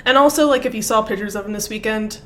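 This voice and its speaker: A woman co-hosting a podcast in relaxed, joking casual chat. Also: on the high side, quick pace. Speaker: podcast co-host.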